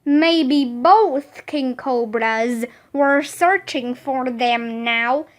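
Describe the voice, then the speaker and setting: A woman's voice: high voice, drawn-out words. A woman voicing a frightened young boy in a read-aloud storybook, with startled, urgent outbursts. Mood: worried.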